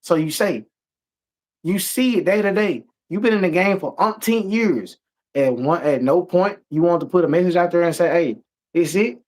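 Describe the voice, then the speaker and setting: A podcast co-host with a high-pitched male voice speaks at normal speed on a casual talk show. He rants emphatically and animatedly, swearing a lot in a heated, informal discussion.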